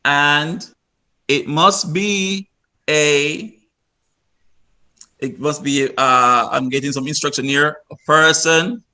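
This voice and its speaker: A man's voice: on the high side, takes it slowly, pauses often, sharp tone. A man presenting a virtual workshop to parents over a video call, instructive and repeating himself with many restarts.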